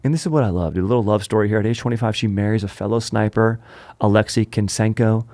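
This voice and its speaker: Male comedy podcast host, lowish voice, animated and punny, dry close sound. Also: fast talker, no room sound. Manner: animated, joking, punning. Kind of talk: comedic history storytelling.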